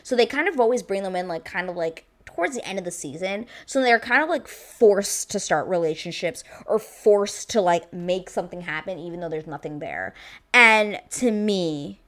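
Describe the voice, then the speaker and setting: A woman's voice: fairly low pitch, normal speed. A woman giving a chatty, unscripted review of a reality show, full of fillers and restarts. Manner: animated, chatty, lots of fillers. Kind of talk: casual vlog review.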